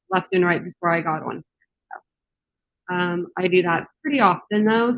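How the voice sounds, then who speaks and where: A woman hosting a true crime livestream, a little hoarse, chatting casually with many fillers and greeting viewers in the chat. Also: mid-range voice, fairly bright tone, rough recording. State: slightly hoarse. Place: home office studio.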